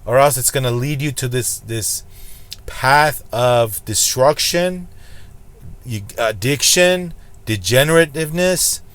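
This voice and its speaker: A man's voice: medium pitch, takes it slowly, a bit bright. A man hosting a slots channel, talking in a blunt, preachy way and hammering points home by repeating them. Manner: blunt, preachy, emphatic repetition. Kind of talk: casual vlog commentary.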